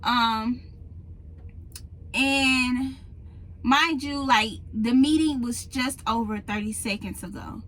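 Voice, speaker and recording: A woman vlogger telling a story to her viewers in a casual, animated, emphatic way, recorded on a phone in a truck cab. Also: a little high, takes it slowly, long pauses, low-quality recording. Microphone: phone in a holder.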